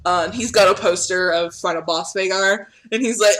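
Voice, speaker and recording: A woman narrating a tabletop game as game master, animated and casual, swearing freely. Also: medium pitch, normal speed.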